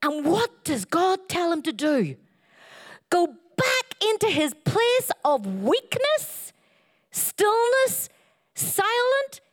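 A middle-aged woman preaching a sermon, animated and playful, telling humorous stories and slipping into silly voices. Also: takes it slowly. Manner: animated, playful, jumps into high silly voices for quoted lines.

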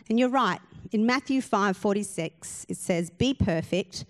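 A woman's voice: on the high side, animated, normal speed, few pauses. Woman pastor, earnest sermon, emphatic, rhetorical questions.

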